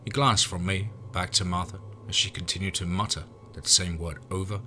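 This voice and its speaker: Deep-voiced man narrating horror. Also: fairly even intonation, fairly quick, few pauses, pushed and bright, faint music behind. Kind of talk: scripted first-person horror narration.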